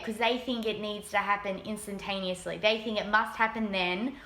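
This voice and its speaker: A woman's voice: fairly high pitch, bright, forceful tone, reverberant. A woman pastor sharing thoughtful reflections on a Bible passage in a conversational way.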